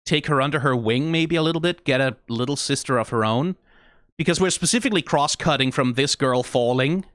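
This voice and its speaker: Analytical, excitable male streamer, dry sound. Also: a little high, no room sound. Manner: analytical, swears freely, gets emotional and excitable. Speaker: reaction streamer. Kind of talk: casual video commentary.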